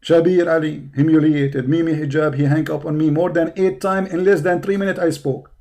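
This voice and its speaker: Hoarse, taunting male streamer. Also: fairly high pitch, fairly even intonation, a little fast, a little mellow. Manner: taunting, mocking, confrontational. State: hoarse from hours of talking. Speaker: live-stream host. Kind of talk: combative live-stream rant.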